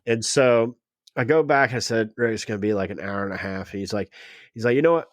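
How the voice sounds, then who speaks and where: A man telling a story on a podcast, animated and acting out the dialogue of the people in it. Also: lowish voice, fairly quick, no echo, studio quality. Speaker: podcast guest. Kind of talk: casual storytelling.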